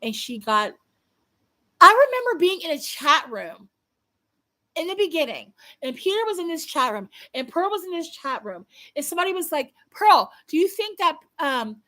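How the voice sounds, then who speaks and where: A woman's voice: very high voice, big pitch swings, moderate pace, pushed and bright. A young woman chatting casually to her livestream viewers, blunt and swearing freely, often restarting her sentences. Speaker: livestream host.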